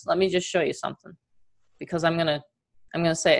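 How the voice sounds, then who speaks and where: She's an online business coach, a middle-aged New Yorker running a live webinar on a video call. Her slightly low voice stays steady and brisk as she chats freely, laughs, and energetically guides listeners through the training.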